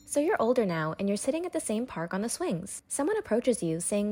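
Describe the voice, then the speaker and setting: Female narrator for a second-person fan story; calm, breathy, fairly high. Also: fast, hardly any pauses.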